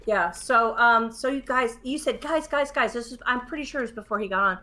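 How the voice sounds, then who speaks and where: A woman chatting casually, retelling a story with lively acted-out quotes. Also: fairly high pitch, fairly quick, a crowd in the background. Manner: lively retelling, acts out quoted whispers and shushing.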